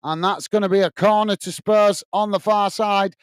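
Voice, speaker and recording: This watch-along host calls a live match step by step at a moderate pace, thanking viewers by name between moves. His high-pitched voice is smooth, with fairly even intonation and no echo.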